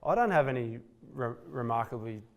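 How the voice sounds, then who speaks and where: A man's voice: mid-range voice, lively intonation, creaky. A middle-aged man, a former rugby player co-hosting, telling gym stories in a casual, laughing way. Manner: quick, storytelling, laughs while telling. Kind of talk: casual chat.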